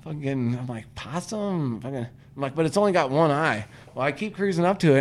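Brisk and fairly high-pitched with few pauses, this Missouri podcast host swears his way through a rambling camping tale in casual chat. He animatedly acts out his own lines as quotes.

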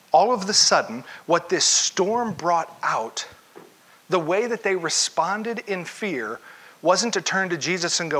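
Bright-toned man preaching a sermon. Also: sits high, lively intonation, unhurried, breathy edge. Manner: conversational, questions the audience, acts out quotes. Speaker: pastor. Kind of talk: interactive sermon.

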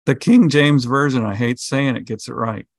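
A man's voice: mid-range voice, normal speed, vocal fry, no room sound. A male podcast co-host explaining scripture in a casual way, full of fillers and everyday analogies. The recording is dry and close, with almost no room sound. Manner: animated explainer, with many fillers and vivid analogies. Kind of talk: bible study conversation.

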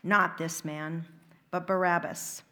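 Accusing crowd read by a woman, liturgical Gospel reading, insistent, loud, slow. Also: on the low side, steady tone. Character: angry accusing crowd of men.

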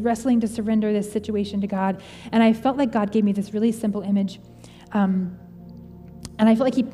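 A woman's voice: medium pitch, warm tone. A woman in her thirties preaching a sermon in a conversational, earnest and personal way, as a pastor speaking to her congregation. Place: church auditorium. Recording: large hall with long reverb.

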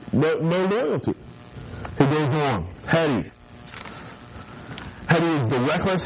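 A man's voice: a little high, slight background noise, rough recording. A man preaching a casual, joking sermon to a youth group, often mimicking people and laughing along with his listeners. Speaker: youth pastor.

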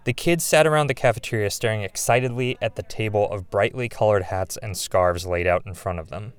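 A man reporting, mixing calm scripted narration with short questions to people in the field. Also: lowish voice, a little fast, clean tone, no echo.

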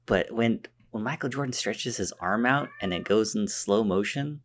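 A man's voice: lowish voice, moderate pace, slight background noise. A man co-hosting a podcast, chatting casually and restarting his sentences often. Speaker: podcast co-host. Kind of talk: casual chat.

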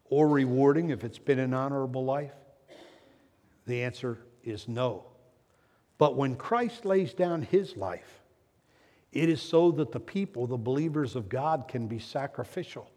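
A male pastor delivering a sermon, swinging between loud emphasis and hushed drops, and putting questions to his congregation. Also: medium pitch, breathy edge. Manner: asks the congregation rhetorical questions. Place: church sanctuary. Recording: long church reverb.

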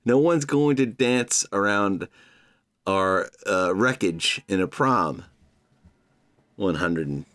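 A man's voice: lowish voice, lively intonation, slow, long pauses, a bit bright. A man hosting his own podcast, rambling playfully and talking straight to his listeners as "humans". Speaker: podcast host. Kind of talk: casual solo podcast monologue.

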